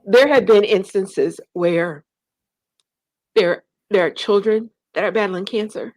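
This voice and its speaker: Fields: Sex: woman. Role: interview guest. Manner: animated storyteller. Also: mid-range voice, slow, dry recording. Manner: animated storyteller, acts out quoted voices, fights back tears. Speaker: guest, nonprofit founder.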